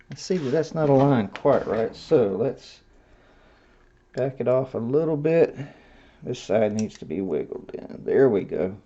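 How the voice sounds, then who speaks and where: Slow, folksy man narrating a robot build. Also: mid-range voice, warm tone. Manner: folksy, self-talking, stops and corrects himself. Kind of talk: hands-on build tutorial narration. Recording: dull lo-fi sound.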